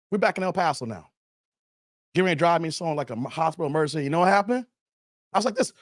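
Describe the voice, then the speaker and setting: A man with a notably high speaking voice hosts a casual livestream and tells his story in an animated way, acting out the voices of people in it. He talks straight to his chat. The sound is close and dry, with no room echo. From Chicago, USA. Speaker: livestream host.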